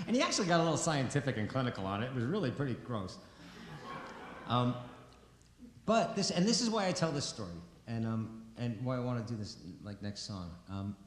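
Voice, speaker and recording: A man tells a story on a concert stage in a loose, conversational way, his pitch swinging up and down as he acts out the lines. His voice rings through a roomy hall with a long reverb tail. Faint noise sits underneath. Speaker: singer-songwriter telling a story on stage. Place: concert venue.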